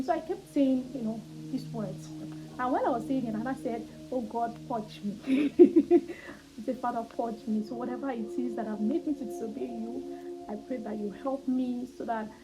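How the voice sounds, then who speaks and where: Woman, faith vlogger, earnest testimony delivery, light high voice over background music. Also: poor audio. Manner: earnest, conversational, swings between hushed and animated. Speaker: Christian vlogger.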